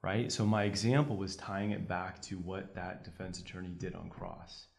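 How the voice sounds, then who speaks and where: A man's voice: low voice, level tone, normal speed, creaky. A young man, a trial lawyer guest on a podcast, telling courtroom stories with energy. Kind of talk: conversational podcast interview.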